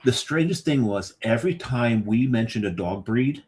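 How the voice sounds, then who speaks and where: A man's voice: mid-range voice, animated, moderate pace, a little mellow, breathy edge. A man co-hosting a podcast in casual chat, telling chatty anecdotes and laughing often. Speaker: podcast co-host.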